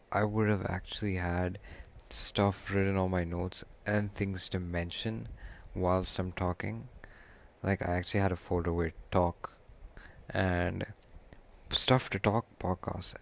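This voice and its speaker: A man's voice: low-pitched, gravelly. A young man hosting his own podcast, talking in a casual, rambling way and often correcting himself mid-sentence. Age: young adult. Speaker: podcast host. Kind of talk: casual solo podcast talk.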